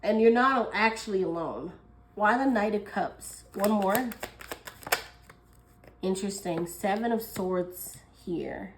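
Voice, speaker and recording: A woman's voice: medium pitch, slow, background noise. Woman doing a laid-back tarot reading, chatty, kinda talks as she thinks, lots of ums. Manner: chatty, thinking aloud, frequent laughs and fillers. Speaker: tarot reader. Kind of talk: casual tarot reading monologue.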